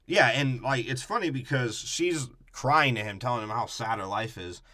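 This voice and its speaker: A man co-hosts a casual movie-review podcast, ranting and mocking with heavy profanity. His mid-pitched voice has a bright, forward edge. The sound is close and dry. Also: normal speed, no room sound. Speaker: podcast co-host.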